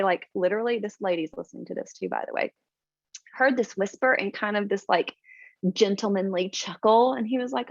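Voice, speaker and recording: A woman's voice: medium pitch, moderate pace, dry recording, lo-fi sound. A woman sharing her personal story on a video call in a casual, chatty way, with lots of "like" and "um.". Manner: chatty, full of "like" and "um".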